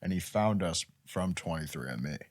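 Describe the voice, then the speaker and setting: A man's voice: low voice, animated, normal speed. A young man in loose, profane, laughing banter on a casual podcast. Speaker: podcast co-host.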